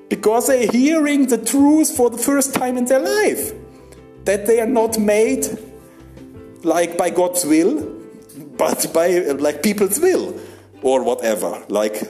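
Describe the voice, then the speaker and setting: A young man, a stand-up comedian, giving a rambling comic monologue in halting non-native English, laughing between lines and often tagging "yeah?". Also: high-pitched, darkish tone.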